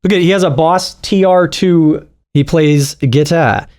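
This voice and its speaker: Swearing streamer dude riffing on comments, kinda high voice, laughing a lot. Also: male voice, unhurried, darkish tone. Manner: profane, mocking, laughs often. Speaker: streamer reacting to videos. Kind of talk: casual reaction commentary.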